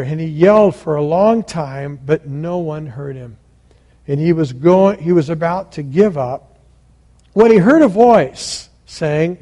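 Brief: male preacher on a church stage, slow and deliberate, voice on the higher side, storytelling with emphatic build-ups. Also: lively intonation, dark tone. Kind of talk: sermon. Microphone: stage microphone.

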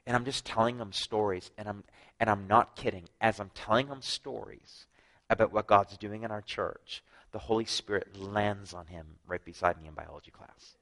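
A man preaching a sermon, telling his own story with lively acted-out dialogue and frequent drops to a hushed voice. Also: on the low side, normal speed, rough recording. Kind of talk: sermon with personal testimony.

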